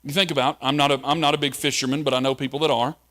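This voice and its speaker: A man's voice: medium pitch, level tone, rapid-fire, a bit bright. Man preaching with rhetorical questions. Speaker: pastor. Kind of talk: sermon.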